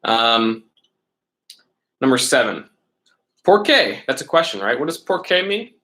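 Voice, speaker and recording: A man's voice: medium pitch, big pitch swings, measured pace, bright, forceful tone, poor audio. A man teaching middle school Spanish, walking students patiently through a worksheet step by step and checking in with them often. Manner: patient, step-by-step explaining with frequent "right?" checks. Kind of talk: remote lesson walkthrough.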